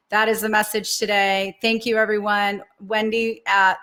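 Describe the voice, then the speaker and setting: A woman's voice: medium pitch, flat delivery, moderate pace, few pauses, a bit bright. Casual, joking woman co-host wrapping up a show. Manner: upbeat, joking. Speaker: podcast co-host. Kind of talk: casual podcast talk.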